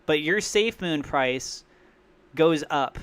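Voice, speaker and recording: Excitable man, bright forceful voice. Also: a little high, slow, smooth. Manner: rambling, thinks out loud, excitable. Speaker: crypto livestream host. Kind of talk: live-streamed crypto commentary.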